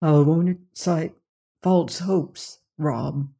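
Narrator doing a weary, worried doctor. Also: male voice, high voice, unhurried. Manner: weary, firm, hushed. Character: weary, worried middle-aged doctor and father. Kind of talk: audiobook reading of a mystery novel.

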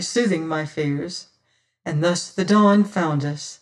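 An audiobook narrator reading a first-person period tale in measured, old-fashioned phrasing. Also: mid-range voice.

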